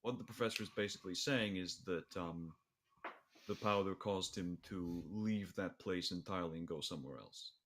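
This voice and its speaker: A man narrating a tabletop game as game master, with a halting delivery full of fillers. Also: low-pitched, a bit bright, a little hiss or hum.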